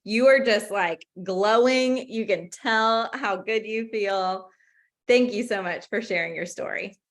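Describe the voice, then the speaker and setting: A woman's voice: medium pitch, measured pace. Upbeat woman coach leading a group call. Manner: encouraging, upbeat, casual. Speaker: coach hosting a community call. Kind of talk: motivational group call hosting.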